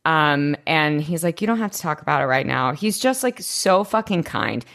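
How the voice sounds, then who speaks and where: A low-pitched woman co-hosts a casual podcast recap, her voice swooping up and down with lots of lively energy. She talks in quick bursts, swears freely and chats like she's with a close friend. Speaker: podcast co-host. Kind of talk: casual chat recapping a TV episode.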